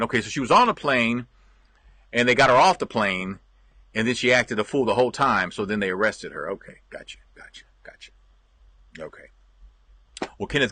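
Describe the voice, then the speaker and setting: A man's voice: mid-range voice, pushed and bright. A man hosting a casual live stream, chatting with viewers and answering their comments, laughing often and repeating himself. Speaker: host reading viewer comments.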